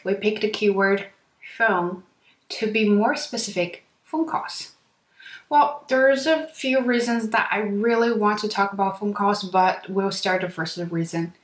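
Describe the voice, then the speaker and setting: Woman podcast host giving an English lesson, talks fast and asks listeners questions, recorded in a reverberant room. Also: medium pitch. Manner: fast-talking, lively, addresses listeners directly. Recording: echoey room.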